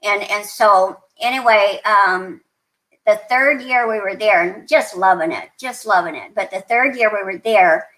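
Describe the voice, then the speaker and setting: A woman's voice: medium pitch, a little slow, fairly bright tone, rough recording. An older woman from New Mexico, a podcast guest chatting casually and rambling through stories with lots of restarts and fillers. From New Mexico, USA. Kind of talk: casual interview storytelling.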